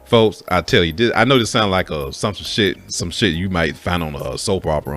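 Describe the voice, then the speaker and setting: A man's voice: low voice, normal speed, hardly any pauses, a bit bright, faint music behind. A man telling a personal story in a candid, profane way, speaking straight to his listeners as folks. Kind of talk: casual spoken story.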